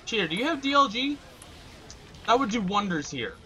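A young man in casual gaming voice chat, excitable and swearing often while he plays. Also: sits high, normal speed, a loud crowd. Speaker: gamer on voice chat.

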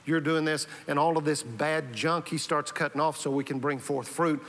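A man's voice: on the high side, normal speed, fairly bright tone. A male pastor preaching a sermon in a conversational way, often restarting and repeating words. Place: church sanctuary. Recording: reverberant church hall.

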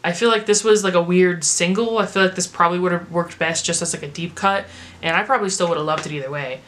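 An American woman in a rambling, chatty vlog voice, pitched a touch low for a woman. She reviews music casually and leans on filler words. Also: fast, a bit bright, a little hiss or hum.

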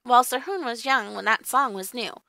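A woman's voice: a little high, normal speed, creaky, bright, forceful tone, dry recording. A woman voicing Puck, a sly, ancient male hill sprite who tells tales in a twinkling, knowing way, in an audiobook reading.

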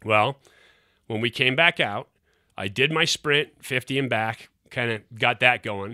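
A man's voice: mid-range voice, no room sound, clean studio sound. A middle-aged man, a former quarterback hosting his show, telling a story casually and acting out the quotes. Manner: animated, acts out quotes.

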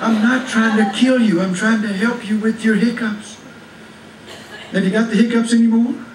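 Playful ventriloquist man, high voice. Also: steady tone, normal speed. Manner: playful, teasing, laughs often. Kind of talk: live comedy act. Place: live stage show. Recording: echoey room, distant mic, noisy.

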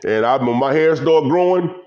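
A man's voice: fairly high pitch, moderate pace, highs cut off. An older man from Louisiana, rambling in casual, folksy commentary to his viewers and breaking into laughter. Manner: folksy, laughing, animated storytelling. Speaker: vlogger.

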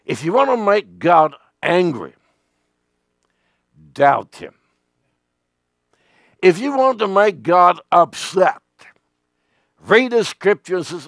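A man preaching a sermon with emphasis, swinging between loud and hushed. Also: high-pitched, big pitch swings, slow, gravelly, pauses often, dry recording, studio quality.

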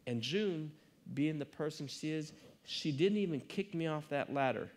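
A man's voice: fairly high pitch, lively intonation, normal speed, background noise. A man giving a conference talk, telling a personal story in an earnest, emotional, confessional way. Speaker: conference speaker.

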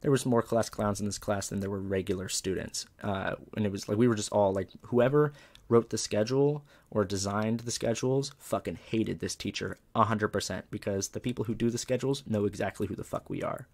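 A man from Southern California spins a comedic story in a laid-back, profane way, with "like" and "dude" in nearly every sentence. His voice sits a bit low and has a gravelly, fried edge. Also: a little fast, darkish tone. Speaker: comedian guest.

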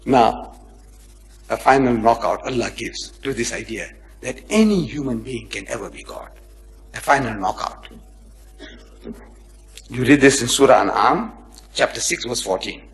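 A man lecturing an audience on religion, emphatic and repetitive, with rhetorical questions and slow chanted phrases. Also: mid-range voice, animated, vocal fry. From India, raised in South Africa. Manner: chants phrases slowly, swings from soft to loud.

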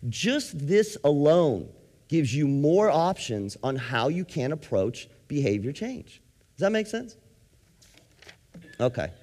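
A man's voice: fairly high pitch, sing-song, slow, darkish tone. A man, a psychologist, giving a presentation to an audience, explaining ideas with everyday examples and asking the audience questions. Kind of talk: lecture to an audience. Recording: long hall reverb.

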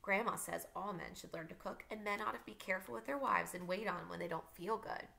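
A woman's voice: medium pitch, a little fast, creaky, bright, forceful tone. A woman voicing a smug, tattling young boy cousin in a read-aloud novel, with a sly, taunting manner. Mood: sneering.

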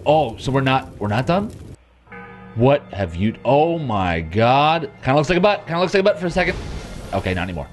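Excitable swearing man playing a game. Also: medium pitch, fairly quick, faint music behind. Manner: excitable, swearing, sudden yelps and shouts. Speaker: gamer. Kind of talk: let's play commentary.

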